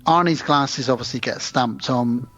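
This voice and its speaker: A man's voice: medium pitch, a little slow, a bit bright. A man co-hosting a podcast, casually retelling a film plot with sweary asides and acted-out quotes. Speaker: podcast co-host. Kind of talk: casual film recap chat. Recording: dull lo-fi podcast audio.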